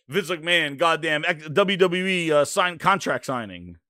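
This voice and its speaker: A man hosting a gaming podcast, ranting in profane, animated casual chat. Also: on the high side, normal speed, few pauses, dry recording, clean studio sound. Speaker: podcast host.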